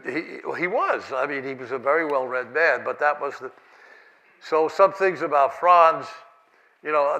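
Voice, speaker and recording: An older man tells stories at a conference podium, laughing often and circling back through restarts and fillers. His voice is bright and forceful, his pitch in the middle for a man. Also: poor audio. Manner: rambling, chuckling, many restarts and fillers. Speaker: keynote speaker. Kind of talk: lecture with anecdotes. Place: conference lecture hall.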